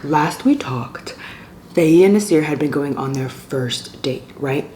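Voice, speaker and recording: A woman's voice: low voice, lively intonation, slow pace, darkish tone. A woman casually and animatedly retelling a romance novel's plot as a book vlogger, sometimes dropping to near-whispers. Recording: echoey room with faint ambient noise.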